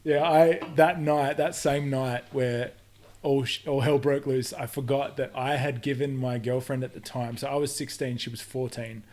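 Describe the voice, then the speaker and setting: A man's voice: medium pitch, steady tone, moderate pace, darkish tone. A young Australian man chatting on a podcast. He tells stories with real energy, swears as he goes and acts out quotes in voices. It sounds casual and unscripted. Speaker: podcast guest. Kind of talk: casual chat.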